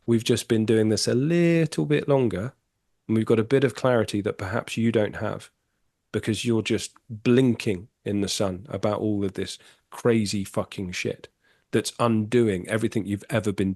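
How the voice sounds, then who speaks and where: Gravelly low-voiced man telling stories. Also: moderate pace, dry recording, clean studio sound. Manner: candid, swears casually, animated storyteller. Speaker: podcast guest. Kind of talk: casual storytelling chat.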